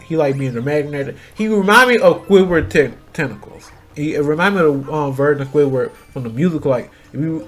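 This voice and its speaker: A man in a casual, rambling rant, full of fillers and restarts, swearing freely and growing heated. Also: medium pitch. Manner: grows loud and heated. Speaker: channel host. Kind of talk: casual rant about voice acting.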